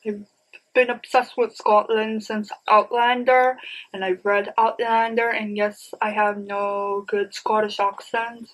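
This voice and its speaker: This book vlogger, a woman in her thirties, has a fairly high-pitched voice captured on a rough recording. She chats casually to viewers about her new books in a rambling, excited way, repeatedly calling them "you guys."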